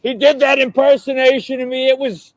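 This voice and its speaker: A man's voice: extremely high pitch, level tone, fairly quick, no room sound, poor audio. A young man doing an impression of a boastful older male president, repeating and stretching his words. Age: young adult. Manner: repetitive boasting, stretched emphasis.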